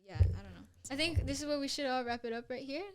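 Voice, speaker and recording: A woman's voice: high-pitched, fairly even intonation, quick pace, clean tone. A teenage girl hosting a student movie podcast, rambling casually with lots of fillers. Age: teens. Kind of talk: casual chat.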